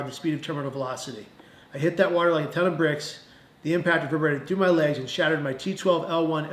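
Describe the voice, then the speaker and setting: A man's voice: a little high, a bit bright. Earnest man telling his story, echoey. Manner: earnest, emphatic storytelling with dramatic pauses. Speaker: mental health speaker. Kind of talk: personal testimony presentation.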